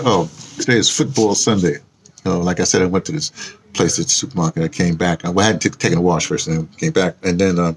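Low gravelly man rambling casually. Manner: meandering, with many fillers and restarts. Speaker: vlogger.

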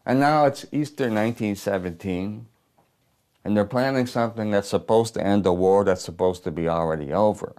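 A man's voice: lowish voice, normal speed, darkish tone, close to an everyday voice. A man playing a bitter, haunted old working-class war veteran who talks coarse, profane and ungrammatical in a theatrical stage monologue. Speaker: stage performer in a one-man play.

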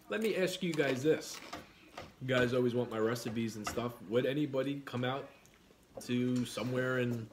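A man's voice: mid-range voice, a little hiss or hum. New York man chatting over dinner. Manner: easygoing, reads out viewer comments. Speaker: food livestream host. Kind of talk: casual chat while eating, reading comments.

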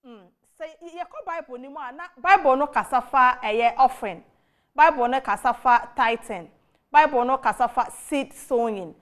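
A woman's voice: high voice, normal speed. A Ghanaian woman hosting a TV talk show, asking questions with frequent hesitant fillers. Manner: mixes Twi and English, many fillers while asking. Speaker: TV host.

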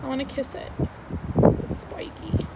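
A young adult woman vlogging outdoors, gushing and squealing with delight as she unboxes plants. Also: moderate pace. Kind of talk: excited unboxing vlog. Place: outdoors in the wind. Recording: wind noise on outdoor mic.

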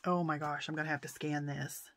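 A woman chatting through an unboxing of her mail haul, softly spoken, often exclaiming in delight and sometimes slipping into a whisper. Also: deep voice, fairly even intonation, a little fast, a little hiss or hum. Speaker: vlogger showing a mail haul. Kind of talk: casual unboxing chat.

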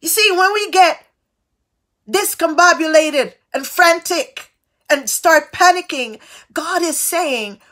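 A woman preaching a devotional sermon, tossing out call-and-response asides with sudden swings of pitch and loudness. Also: expressive. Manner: slow, drawn-out delivery.

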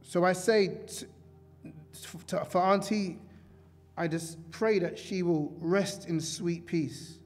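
Man, funeral tribute, a little high-pitched, halting restarts, church reverb, faint music. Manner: heartfelt, informal, with halting restarts. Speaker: family member giving a tribute.

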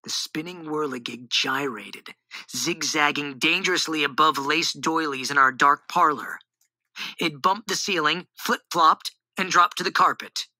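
A woman reading a children's storybook aloud in an animated, expressive way on a close mic. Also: low-pitched, unhurried, no echo, rough recording.

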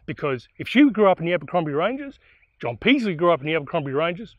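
A man casually retells a historical bushranger tale, animated and full of asides. His voice sits a little high for a man. The sound is dry and close. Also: quick pace, dry recording, muffled recording. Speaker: storyteller. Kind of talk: spoken historical storytelling.

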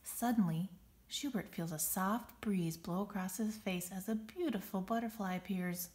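A woman reading a children's picture book aloud, expressive and dramatic on the sound words. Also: medium pitch, moderate pace. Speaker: storybook reader.

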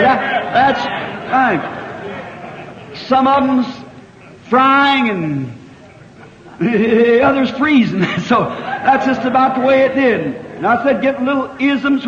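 High-voiced preacher guy, shouts then goes quiet, roomy hall on old muffled tape. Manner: fervent, swinging from quiet asides to shouted cries. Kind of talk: revival sermon.

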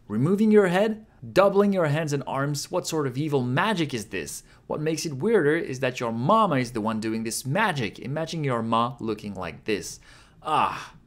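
Lively man teaching Japanese. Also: medium pitch. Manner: playful, with drawn-out demo pronunciations. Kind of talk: lively scripted lesson.

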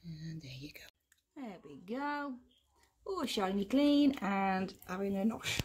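A woman vlogging at home as she tends her pets, coaxing and cooing at them, often in a hushed near-whisper, caught on a camera mic held by a helper. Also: mid-range voice, expressive, takes it slowly, a little hiss or hum. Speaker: pet keeper vlogger. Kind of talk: casual narration to camera.

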